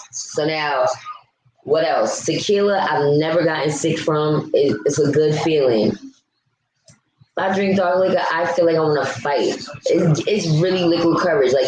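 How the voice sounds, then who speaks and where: A woman's voice: sits low, darkish tone. Ranting New woman talking to her chat. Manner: blunt, ranting, talks back to chat. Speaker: vlogger. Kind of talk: casual live-stream chat with viewers. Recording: echoey room with faint background hum.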